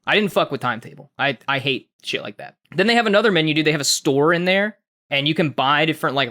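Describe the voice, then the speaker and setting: A young man co-hosting a podcast, telling a story in a casual, profane and animated way, mimicking voices along the way. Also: on the high side. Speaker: podcast co-host.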